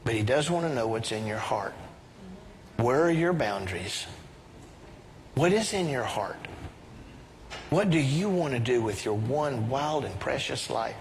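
Middle-aged pastor preaching in a reverberant hall. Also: male voice, mid-range voice, measured pace, long pauses, a little hiss or hum. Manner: leads the congregation in call-and-response, rising to excited exclamations. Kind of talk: sermon. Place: church sanctuary. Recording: reverberant church hall with faint ambience.

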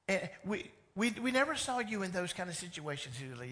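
Animated male pastor preaching a sermon. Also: high voice, a little fast. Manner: animated, swings between loud emphasis and hushed lines.

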